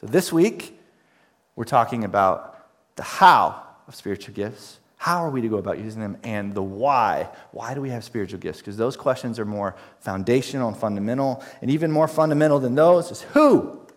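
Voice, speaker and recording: A man's voice: medium pitch, lively intonation, normal speed. A man preaching in a church, speaking in the middle range of the male voice. He builds his points through repetition and rhetorical questions, with an emphatic pastoral delivery. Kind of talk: sermon.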